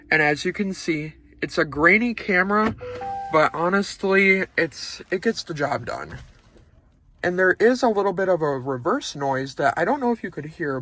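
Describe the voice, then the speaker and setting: Man, fairly high voice, casual car review, upbeat and chatty, inside a car. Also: fairly bright tone. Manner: upbeat, conversational, points things out as he goes.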